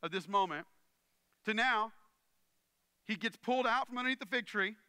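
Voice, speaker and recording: A man preaching a sermon with a high, very bright and ringing voice. His delivery is earnest and conversational, and he often turns to the crowd to check they are with him. The sound is clean and close, with no room echo. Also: normal speed, clean tone. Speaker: pastor.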